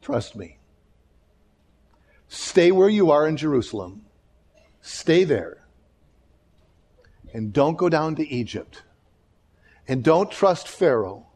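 A man's voice: fairly high pitch, slow pace, vocal fry, pauses often, slightly rough. A man preaching a sermon as pastor, telling stories and acting out the people he quotes, often restarting and repeating words. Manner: animated storytelling, acts out quoted voices.

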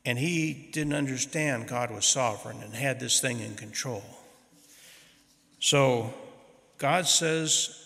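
A man's voice: mid-range voice, slow, gravelly, a bit bright, big-room sound. A man preaching a sermon, retelling a story in a folksy, dramatic way.

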